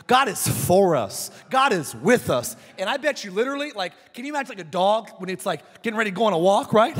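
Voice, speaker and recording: A man in his thirties preaching a sermon as pastor, telling animated stories with shouted peaks. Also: high-pitched. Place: church sanctuary. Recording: church hall reverb.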